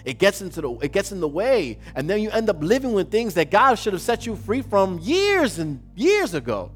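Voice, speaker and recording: A man preaching a sermon as pastor, repeating his phrases and building to loud emphatic questions. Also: high voice, huge pitch swings, normal speed, soft background music.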